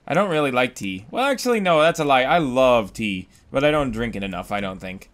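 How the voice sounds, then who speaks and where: A man's voice: mid-range voice, expressive, a little fast, few pauses, a bit bright. A man giving casual commentary over his own game playthrough, goofy and rambling, exclaiming at what happens on screen. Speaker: Let's Play gamer.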